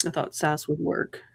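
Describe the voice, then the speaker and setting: A woman's voice, a little lower than most, asking questions at the table. She speaks in a halting, unsure way, repeating herself and filling gaps with "uh". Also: creaky, a little mellow, husky. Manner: hesitant, halting with many fillers. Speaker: player. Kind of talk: casual tabletop play.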